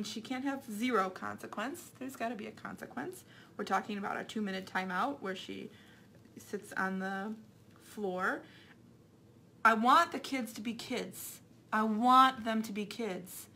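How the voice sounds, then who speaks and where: A woman's voice: mid-range voice, sharp tone, a little hiss or hum. A young mother, chatting casually while she crafts, rambling and repeating herself. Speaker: craft vlogger.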